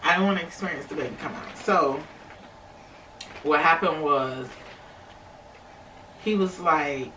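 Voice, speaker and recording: Woman vlogger, casual storytelling, bright voice, roomy and a bit off-mic. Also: sits low, moderate pace, long pauses, slight background noise. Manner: chatty, many fillers, addresses viewers as y'all. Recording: echoey room, slightly distant mic.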